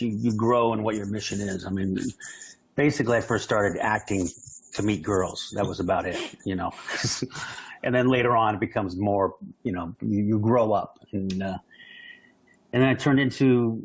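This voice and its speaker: A man's voice: on the low side, husky, rough recording. A man telling stories in an interview, acting out the voices of people he quotes. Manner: animated, acts out quoted voices. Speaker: guest. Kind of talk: storytelling interview.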